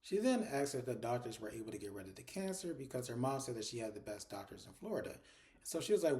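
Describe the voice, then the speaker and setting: A man in a casual review, talking quickly in a warm, mellow voice. He retells each scene in a chatty way, slips in the characters' lines and swears freely. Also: mid-range voice, sing-song. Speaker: TV episode reviewer. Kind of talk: casual recap commentary.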